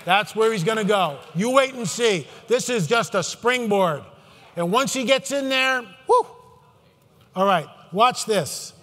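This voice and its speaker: A man's voice: high-pitched, lively intonation, a little slow, pushed and bright, big-room sound. A man giving an impassioned conference talk from a stage, fervent and emphatic, with many asides and restarts. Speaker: conference speaker.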